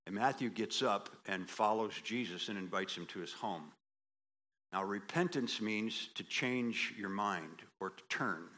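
Bright-voiced man preaching a folksy sermon. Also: unhurried. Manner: animated, builds to emphatic high peaks; folksy asides with quoted voices. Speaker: pastor.

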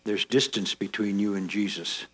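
A man's voice: fairly low pitch, steady tone, normal speed, fairly bright tone, slightly rough. A man preaching a sermon, speaking straight to his listeners with repeated rhetorical questions. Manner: earnest, direct address with rhetorical questions.

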